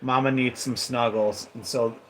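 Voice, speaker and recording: A man's voice: mid-range voice, steady tone, normal speed, fairly bright tone, slight background noise, rough recording. A man hosting a casual live stream from home on a handheld phone, chatting straight to viewers and reading their comments aloud. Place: at home indoors. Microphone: phone held in hand.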